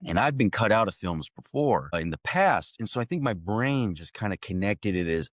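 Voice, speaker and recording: Low-voiced man telling an animated story. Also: normal speed, dry recording, clean studio sound. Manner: animated, laughs often, many restarts. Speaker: actor guest. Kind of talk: casual storytelling.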